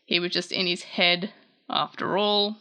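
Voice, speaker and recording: A woman hosting a casual manga chapter recap, chatty and animated, often correcting herself mid-sentence. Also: on the low side, measured pace.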